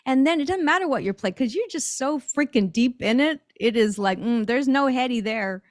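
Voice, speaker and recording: A middle-aged woman with a high voice talks with eager emphasis as a podcast guest. She is a drum teacher who laughs easily. Her voice sounds dry and close, with no room around it. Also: expressive, moderate pace, no echo. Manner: enthusiastic, emphatic, laughs often. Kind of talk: podcast interview.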